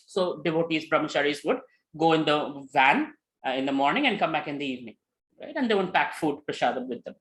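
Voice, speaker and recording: A man giving a spiritual talk, telling a story with lively retellings and many fillers. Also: on the high side, a little fast, poor audio. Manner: animated, with many fillers and acted quotes. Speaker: spiritual teacher.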